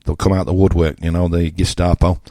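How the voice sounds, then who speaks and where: A low-voiced older Englishman with a Yorkshire accent hosts his radio slot, blunt and mocking as he talks straight to listeners. His tone is dark and mellow, and the recording is close and dry with no room sound. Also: flat delivery, brisk, no room sound. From England. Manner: blunt, mocking, conversational with asides. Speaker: radio presenter. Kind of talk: opinionated radio monologue.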